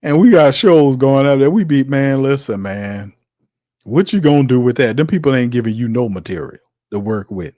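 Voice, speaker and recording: A man hosts a sports talk livestream in an exasperated, heated rant. He keeps saying "man" and "fam" and often laughs as he talks back to his chat. His voice sits at a middle pitch, recorded dry with no room sound. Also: lively intonation, moderate pace, dark tone, no room sound. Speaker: sports talk show host.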